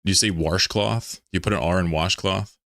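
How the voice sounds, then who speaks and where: Male streamer from Pennsylvania, low voice, loose joking chat with viewers, some cursing, dry recording. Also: brisk, vocal fry, a bit bright, dry recording. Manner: rambling, joking, swears freely. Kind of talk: casual live-stream chat while gaming.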